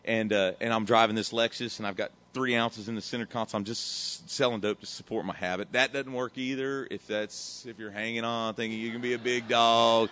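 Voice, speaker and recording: A middle-aged man giving a profane, animated recovery testimony that swings between loud and quiet. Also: mid-range voice, a little fast, hardly any pauses. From Texas. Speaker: recovery speaker.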